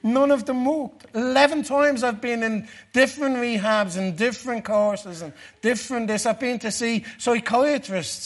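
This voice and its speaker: An Irish man delivers a personal testimony sermon to a church gathering, speaking earnestly and slowing down, dropping low, for the darker parts.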